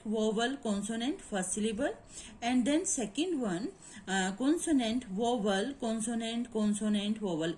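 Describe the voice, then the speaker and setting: A woman teaching word stress in a halting lecture, with many fillers and quick Hindi asides. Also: on the high side, slight background noise, rough recording. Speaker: English literature teacher.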